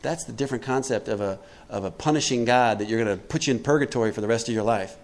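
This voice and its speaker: A man's voice: mid-range voice, fast. A middle-aged man giving a twelve-step recovery talk to a group, conversational and emphatic, often putting questions to his listeners.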